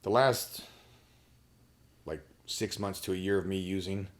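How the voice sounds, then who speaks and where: Deep-voiced man telling a blunt personal story. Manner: blunt, profane, halting with restarts. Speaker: podcast guest.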